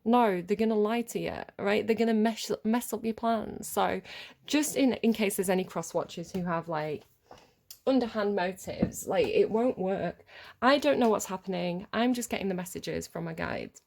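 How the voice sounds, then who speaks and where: A woman's voice: medium pitch, moderate pace, gravelly, darkish tone. A woman giving a rambling, chatty tarot reading straight to camera, swearing freely as she goes. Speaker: tarot reader. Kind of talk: casual tarot reading monologue.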